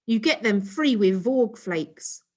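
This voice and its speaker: A woman voicing an excited young boy who shows off his toys in a children's storybook. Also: fairly high pitch, takes it slowly. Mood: eager. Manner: excited, boastful. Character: eager young boy space kid.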